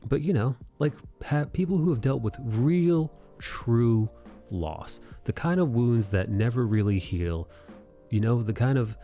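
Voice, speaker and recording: Animated swearing man ranting on stream. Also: mid-range voice, unhurried, faint music behind. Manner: animated, swears freely, acts out mocking quotes. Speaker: livestream host drawing and chatting. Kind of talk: casual rant on a live art stream.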